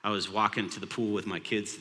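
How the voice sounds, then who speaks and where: A pastor in his thirties tells a humorous family story during a sermon in a large church auditorium, and the recording has a long hall reverb. His fairly low voice stays steady and sharp, moving a little fast.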